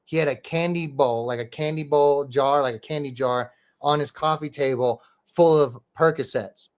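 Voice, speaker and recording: This podcast host and rapper tells stories in a loose, profane chat packed with "bro" and "dude." His pitch sits fairly high and he talks at a moderate pace.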